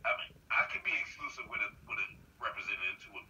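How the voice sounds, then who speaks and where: A man with a low, very bright and forceful voice chats easily and slips into impressions as he talks. His voice is distant and dull, as if heard over a call. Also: very fast. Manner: animated storyteller, acts out other people's voices. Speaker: voice actor guest. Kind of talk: casual chat. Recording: distant muffled call audio.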